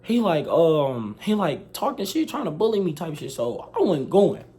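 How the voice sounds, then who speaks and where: Animated young man telling a storytime. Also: on the high side, normal speed. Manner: animated, slangy, profane retelling with acted quotes. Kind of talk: casual storytime.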